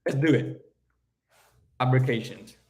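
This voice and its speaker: A man's voice: medium pitch, a little slow. Chatty young man on live calls. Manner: chatty, lots of fillers, brightens on calls. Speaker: recruitment business owner live-streaming sales calls. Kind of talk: casual live-stream chat and cold calls.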